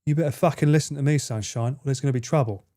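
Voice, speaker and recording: A man voicing a threatening Essex hard man with an Essex accent, low and clipped, swearing his threats. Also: very fast, dark tone, close to an everyday voice. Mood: menacing.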